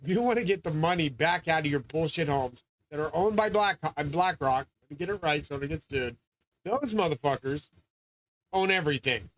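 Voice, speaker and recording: Male channel host, slightly high voice, rambling and profane, prone to yelling. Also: lively intonation, fairly quick, low-quality recording. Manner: rambling, swearing, grandiose; often yelling. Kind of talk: profane monologue rant.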